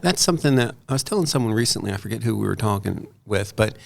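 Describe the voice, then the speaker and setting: Gravelly, animated middle-aged male storyteller. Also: fairly low pitch, fast talker. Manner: animated storyteller, quoting others in lively voices. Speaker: guest artist and author. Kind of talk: casual conversation.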